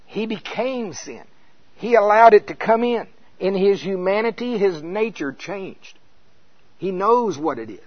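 A man's voice: high-pitched, animated, a little slow, highs cut off. A man preaching a sermon, reading scripture aloud and stopping to explain it, with frequent interjections of "Hallelujah.". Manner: expository, breaks off mid-sentence to explain the verses.

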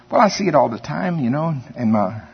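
Man preaching, husky and homey, on a dull lo-fi recording. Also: fairly high pitch. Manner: conversational storytelling, chuckles often. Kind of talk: folksy sermon.

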